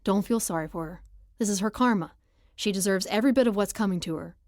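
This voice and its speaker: A confident young hockey player with an easy, teasing way of talking, voiced by a woman. His lines sit a little lower than the narration, recorded close and dry for an audiobook. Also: fast talker, no echo, lightly acted.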